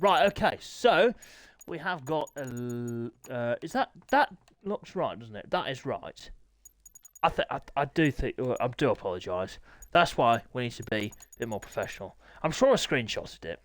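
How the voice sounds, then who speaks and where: A young man hosting a sim racing league stream in casual, chatty, self-deprecating livestream talk, often clearing his throat. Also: medium pitch, sing-song, normal speed, no room sound.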